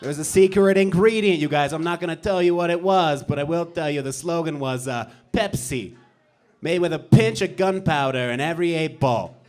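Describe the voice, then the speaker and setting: A man plays a cocky small-time crook who brags in a swaggering gangster patter. The voice sits high and rides on a handheld mic on a comedy club stage. It is a stand-up bit, loud and showy. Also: moderate pace, close to an everyday voice. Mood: boastful. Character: cocky male small-time criminal braggart. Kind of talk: stand-up comedy battle set.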